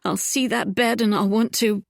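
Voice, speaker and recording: A woman's voice: mid-range voice, steady tone, moderate pace, creaky, no room sound, studio quality, lightly acted. A woman voicing an earnest, emotional young Regency lady in an audiobook, speaking in a pleading, heartfelt way. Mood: distressed.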